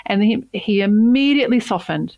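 A woman's voice: medium pitch, lively intonation, moderate pace, no room sound, muffled recording. A woman who is a company CEO, telling a personal story in an interview in an earnest, emphatic way, repeating words for stress.

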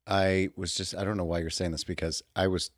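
A man's voice: low-pitched, little pitch movement, brisk, dry recording, studio quality. A man co-hosting a casual chat, blunt and profane, acting out his rants. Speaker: podcast co-host.

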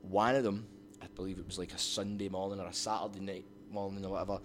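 Scottish man, low voice, rambling anecdotes. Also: quick pace, background noise. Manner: rambling, animated anecdotes with many "like"s. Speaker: wrestling promotion owner, guest. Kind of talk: casual storytelling interview.

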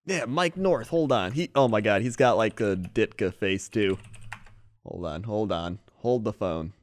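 A man's voice: lowish voice, measured pace. A man co-hosting a casual chat, laughing often and slipping into mock voices. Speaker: podcast co-host.

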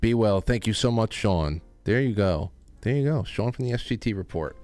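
A man's voice: lowish voice, animated, moderate pace, darkish tone, dry recording. A man hosting a casual talk show, rambling and joking with frequent restarts. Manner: rambling, restarts often, jokey. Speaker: host. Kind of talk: casual chat.

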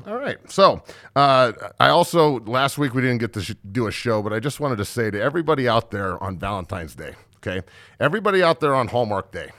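A man in his thirties hosting a podcast, telling stories and ranting in a blunt, profane, joking way, loudly acting out the people he quotes. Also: mid-range voice, animated, brisk, dry recording, clean studio sound. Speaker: podcast host and strength coach. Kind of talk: casual storytelling rant.

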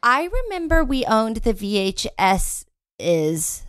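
A woman's voice: a little high, sing-song, takes it slowly, a bit bright, smooth, dry recording, studio quality. A woman guest on a podcast, reacting with exclamations and chatting casually. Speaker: guest actor. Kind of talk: casual chat.

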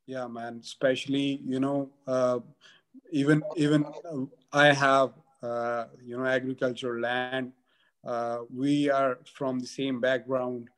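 A man from Punjab, a guest in an interview, talking haltingly with many fillers and restarts. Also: mid-range voice, little pitch movement, clean tone. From Punjab, India. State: getting emotional. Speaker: guest, advocate. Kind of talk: emotional interview conversation.

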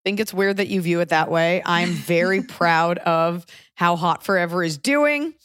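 A woman with a lowish voice hosts a casual podcast, spinning rambling, joking stories and tossing in the odd swear word. The mic is close and dry, with no room sound. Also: a little slow, fairly bright tone, dry recording. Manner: chatty, loose storytelling with jokes and swearing. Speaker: podcast host. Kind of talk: casual chat.

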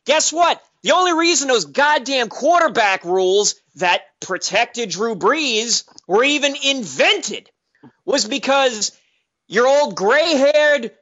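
A man rants into a sports radio call, combative and profane, circling back to the same jabs again and again. His voice sits high and sharp. The audio comes through dull and lo-fi. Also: expressive, slow. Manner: profane, combative, repetitive ranting. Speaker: caller. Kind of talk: angry sports radio rant.

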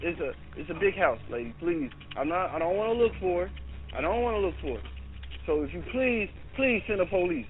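A man's voice: high voice, sing-song, fairly quick. A man on an emergency call, insistent and exasperated, urging the dispatcher to send police. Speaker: caller. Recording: noisy tinny phone line.

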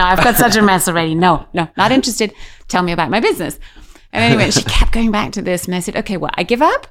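A middle-aged woman tells a story from her own life in a relaxed interview. Her voice sits a little low, and she speaks in an animated way, acting out the people she quotes. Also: a little fast. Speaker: guest. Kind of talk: casual storytelling.

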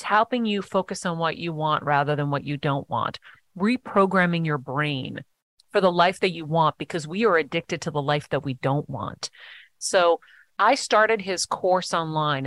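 A woman appears as a podcast guest in casual interview talk, telling stories earnestly and acting out what other people said. Her low-pitched voice is a bit bright, at normal speed, with no echo.

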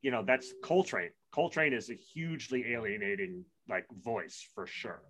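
A man's voice: fairly low pitch, animated, moderate pace, fairly bright tone. Emphatic, argumentative man. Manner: emphatic, argumentative, repeats words for stress. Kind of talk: casual discussion.

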